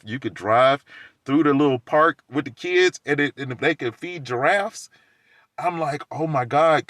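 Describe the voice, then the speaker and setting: A man rambles through a story in casual, loose monologue at a middling pitch. He laughs between lines and acts out the back-and-forth he describes. The sound is dry and close, with no room echo. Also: fairly bright tone. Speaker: vlogger telling a story.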